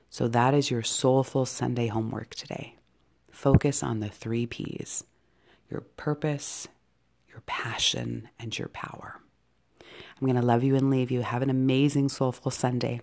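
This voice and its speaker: A woman hosting an inspirational podcast, talking in an encouraging way and often dropping into soft, whispery asides. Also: a bass voice, creaky. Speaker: podcast host and psychic medium.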